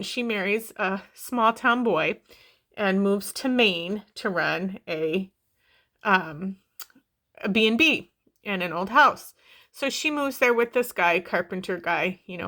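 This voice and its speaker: A woman casually reviewing a book, chatty and rambling with many fillers and restarts, retelling the story in a playful, animated way. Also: mid-range voice.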